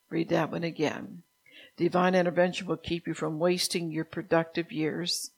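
An older woman pastor preaching a sermon in a soft, unhurried way, stopping now and then to correct herself. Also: lowish voice, flat delivery, gravelly, slightly rough.

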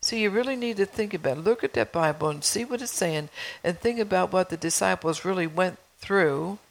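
A woman's voice: lowish voice, brisk, rough recording. A woman preaching a sermon in a conversational way, reading scripture and telling stories from her own home life.

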